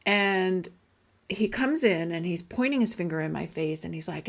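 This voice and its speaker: Female coach, low range with some vocal fry, chatty and emphatic sales delivery. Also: animated, moderate pace. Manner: conversational and emphatic, briefly acting out quoted voices. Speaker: life coach selling guided audios. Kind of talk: spoken sales pitch with a personal story.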